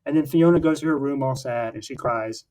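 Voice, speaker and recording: A man's voice: medium pitch, fairly quick, mellow. A man co-hosting a casual film podcast, recapping the plot in a rambling way with many fillers and restarts. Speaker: podcast co-host.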